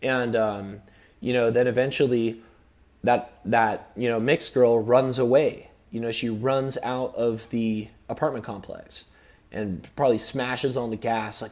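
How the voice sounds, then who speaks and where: A man recounting his own experiences in a loose, confessional vlog. He rambles and circles back with constant "you know"s and "um"s, and drops casual swearing along the way. His voice sits at an ordinary middle pitch for a man. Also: fairly even intonation, measured pace, darkish tone. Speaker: vlogger. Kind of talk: personal storytelling to camera.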